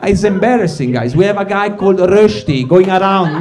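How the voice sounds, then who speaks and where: A man's voice: sits high, animated, fairly quick, hardly any pauses. A man from Ticino, Switzerland, performing a stand-up comedy set on stage, rambling and stopping himself mid-sentence as he talks to the crowd. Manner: rambling, self-interrupting, addresses crowd as guys. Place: comedy stage before a live audience.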